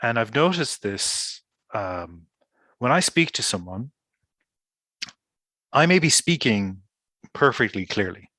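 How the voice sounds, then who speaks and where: A man hosts a relaxed conversation at a middle pitch. He thinks aloud, pausing and restarting as he works through an idea. His voice sounds dry and close to the mic. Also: dry recording. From Ireland. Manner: thoughtful, hesitant with many restarts. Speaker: podcast host. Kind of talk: casual conversation.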